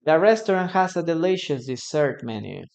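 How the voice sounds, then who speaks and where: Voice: medium pitch, sing-song, normal speed, vocal fry, a little mellow. An English teacher from Peru with a Peruvian Spanish accent, a native Spanish speaker, giving a live online English lesson, repeating words to drill pronunciation and thanking viewers often.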